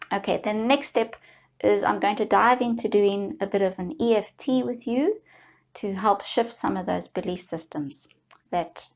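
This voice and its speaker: A woman guiding viewers through a slow, soothing tapping session, leading them in repeated affirmations. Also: mid-range voice, a little mellow. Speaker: EFT tapping guide.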